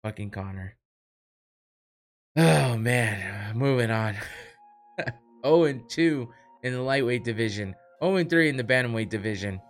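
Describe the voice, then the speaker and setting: A man's voice: mid-range voice, animated, unhurried, long pauses, faint music behind. A man hosting a casual sports podcast, talking loosely and swearing often as he mocks a fighter. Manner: profane, laughing, mocking. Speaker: podcast host.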